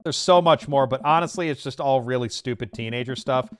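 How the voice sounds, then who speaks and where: A man's voice: mid-range voice, brisk, smooth, lightly acted. A man reading a hurt teenage girl. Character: upset teenage girl venting to her dad.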